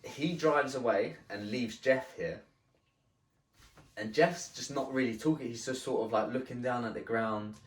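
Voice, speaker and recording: A man telling a story in casual podcast chat, halting and swearing, with many restarts. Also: mid-range voice. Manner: halting and profane, with frequent restarts. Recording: roomy sound from a distant mic.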